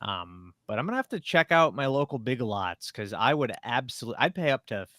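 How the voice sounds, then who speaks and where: A man's voice: medium pitch, very animated, brisk, bright, forceful tone, no echo, clean studio sound. Laid-back, rambling male co-host. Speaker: podcast co-host. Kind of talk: casual podcast chat.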